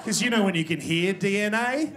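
A man's voice: high voice, expressive, fairly quick. A man doing stand-up in a comedy club, brash and swearing, speaking into a handheld stage mic. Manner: brash, swearing, loud crowd-working delivery. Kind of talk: stand-up set. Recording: live club recording, crowd noise.

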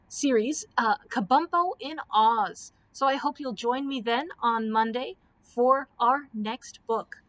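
A woman librarian reading a children's book aloud in a gentle storybook manner. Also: fairly high pitch, low-quality recording.

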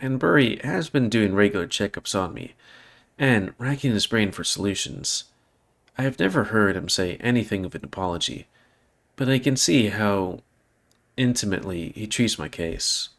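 A man's voice: fairly low pitch, lively intonation, normal speed, creaky, a bit bright, full character voice. A man voicing a remorseful young male fantasy dog, reading a visual novel aloud in an earnest, reflective way.

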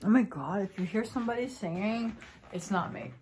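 A woman from New Jersey with a Jersey accent, telling stories in a casual, animated vlog and acting out both sides of conversations. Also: medium pitch, a little fast, echoey room. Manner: animated, swears, acts out quoted exchanges. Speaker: vlogger. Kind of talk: casual chatty storytelling.

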